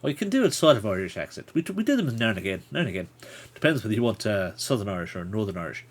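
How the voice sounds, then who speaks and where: Husky, chatty man reading a gamebook. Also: lowish voice, sing-song, quick pace. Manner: playful, chatty asides to chat. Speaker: livestream host reading a gamebook. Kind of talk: reading aloud and chatting with viewers.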